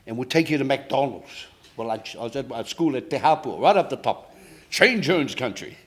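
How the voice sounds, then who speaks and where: A man in his sixties with a New Zealand accent, giving a humorous, animated keynote speech full of stories and laughter. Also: medium pitch, moderate pace. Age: 60s. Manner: animated, joking, laughs often. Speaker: keynote speaker.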